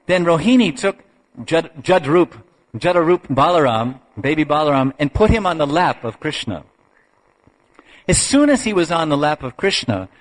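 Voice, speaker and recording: A man gives a devotional lecture, his voice sitting a little high for a man. He tells the old stories at an easy, unhurried pace, often restarting a phrase to find the right words. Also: poor audio. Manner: unhurried, halting storyteller with restarts and soft laughs. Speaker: spiritual lecturer.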